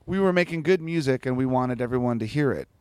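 A man's voice: medium pitch, lively intonation, quick pace, smooth, dry recording. A man in his forties, telling stories in a casual interview with a lot of swearing and laughter. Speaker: guest musician.

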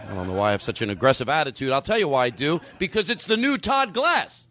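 A man hosting a comedy podcast in a studio with a live band, amped up on coffee, animated and swearing freely as he slips in and out of joke voices. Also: medium pitch, fast, hardly any pauses. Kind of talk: loose comedic banter.

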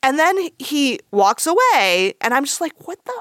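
A woman in her thirties co-hosts a casual podcast and tells a story full of fillers, slipping into voices for the people she quotes. Her pitch rises and falls freely, and the recording is dry and close. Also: a little slow, dry recording. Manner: animated, many fillers, acts out quoted voices. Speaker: podcast co-host.

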